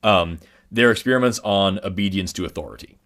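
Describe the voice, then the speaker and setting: A man with a fairly low voice, co-hosting a casual podcast. He talks at length, restarting his sentences and filling pauses with "um" and "like" as he explains. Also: fairly bright tone. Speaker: podcast co-host. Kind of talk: casual chat.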